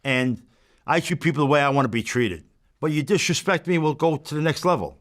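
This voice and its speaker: A man's voice: a little high, animated, fairly quick, fairly bright tone. A man as an interview guest, telling a story bluntly with plenty of swearing and re-enacted back-and-forth. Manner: blunt, profane, re-enacts exchanges as he tells them.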